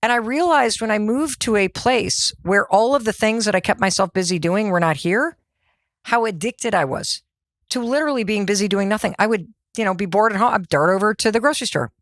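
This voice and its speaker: Energetic woman podcast host, dry studio sound. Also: mid-range voice, brisk, dry recording. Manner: energetic, conversational, rhetorical questions. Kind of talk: motivational podcast monologue.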